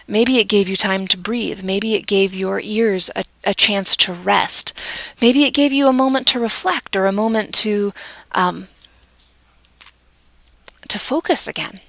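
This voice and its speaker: A woman teaching vocal delivery, her mid-pitched voice carrying a gravelly edge. She talks conversationally, poses rhetorical questions and shifts her volume on purpose, sometimes sinking to a whisper for emphasis. The sound is close and dry, with no room echo. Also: a bit bright. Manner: demonstrative, varies volume and pace deliberately, drops to whispers for emphasis. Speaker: speech instructor.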